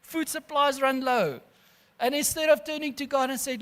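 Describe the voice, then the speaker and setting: A pastor preaching an animated sermon, calling listeners friends and laughing often. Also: male voice, extremely high pitch, moderate pace.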